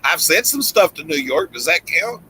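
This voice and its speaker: A middle-aged Tennessee man talks loosely on a live stream, padding his sentences with fillers and restarts. His country accent is plain, and his voice is very bright and edged. A faint background hum runs under him. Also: a little high, very animated, normal speed, rough recording. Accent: Southern US, Tennessee. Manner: rambling, frequent "you know" fillers and restarts. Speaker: livestream host. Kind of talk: casual live-stream chat.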